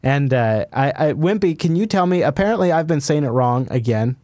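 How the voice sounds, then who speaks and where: A man hosting a casual tech podcast, his voice sitting a little high for a man. He rambles, pokes fun at himself and laughs along. The sound is dry and close, with no room in it. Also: animated, brisk, a little mellow, no room sound. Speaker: podcast host.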